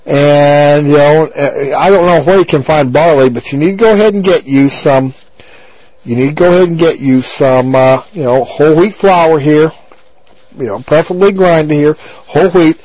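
A man's voice: fairly high pitch, moderate pace, darkish tone, dry recording. A man hosting a talk radio show, rambling on in a crude, abrasive monologue full of repeated filler phrases. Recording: dull lo-fi radio broadcast.

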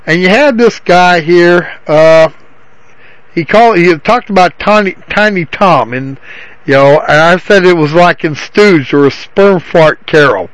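A man's voice: high voice, a little slow, no room sound, low-quality recording. A male radio host rambling in casual talk and reading a comic story aloud. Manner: rambling, repeating himself.

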